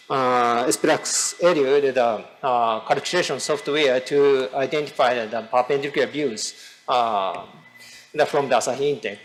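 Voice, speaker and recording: A man with a Japanese accent explaining a live heart procedure as he works, halting with many fillers and restarts. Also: mid-range voice, slight background noise, rough recording. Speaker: cardiologist performing a live procedure. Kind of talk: live case explanation at a conference.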